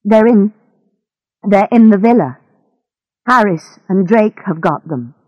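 A woman's voice: medium pitch, animated, measured pace, no room sound, highs cut off. A woman voicing a cowardly male henchman who stammers and pleads, in a storybook reading. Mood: pleading.

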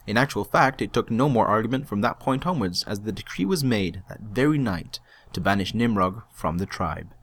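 A man's voice: on the low side, animated, moderate pace, a bit bright, dry recording. A man reading a fantasy story aloud in a dry, wry storytelling manner. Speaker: narrator. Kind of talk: scripted storybook narration.

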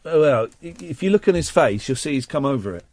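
A man's voice: medium pitch, lively intonation, fast, darkish tone. A man hosting a late-night radio show, reading a tabloid story aloud with wry, mock-dramatic asides into a studio microphone.

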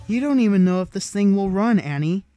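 A man voicing an eager young boy who exclaims excitedly. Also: sits high, a little fast, dry recording, faint music behind, pitched above the performer's own voice.

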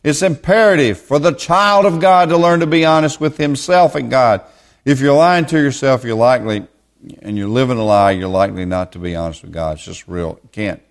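A man's voice: mid-range voice, a little fast. A man teaching verse by verse from the Bible, stressing points by repeating words again and again.

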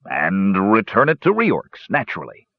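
A man plays a boastful old dwarf in a storybook, gruff and rambling, with a voice that swings from a mumble to a roar. His telling leaps up and down in pitch on a dull, dry recording. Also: wildly swooping pitch, moderate pace, no room sound, heavily acted. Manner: roaring, sighing, mumbling.

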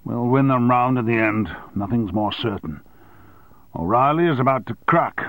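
A man reading an audiobook and voicing a blustering, domineering male newspaper owner who talks loudly and impatiently. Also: expressive, normal speed, dry recording, close to an everyday voice. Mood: forceful. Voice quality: loud, booming. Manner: bullying, impatient.

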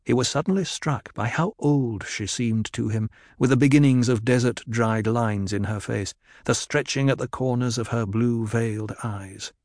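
A man in scripted audiobook narration, telling the story in a measured, even way. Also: mid-range voice, no room sound, clean studio sound.

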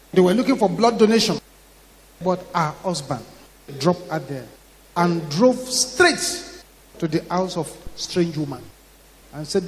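A man with a Ghanaian English accent preaching a sermon, telling a story dramatically, acting out the voices in it and rising to shouts. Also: sits high. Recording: long hall reverb.

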